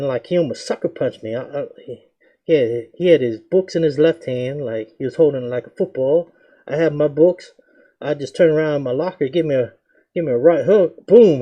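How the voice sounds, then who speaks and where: A young man casually telling a story about his school days, slangy and animated, jumping into a higher voice to act out what people said. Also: highs cut off. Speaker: reaction video host.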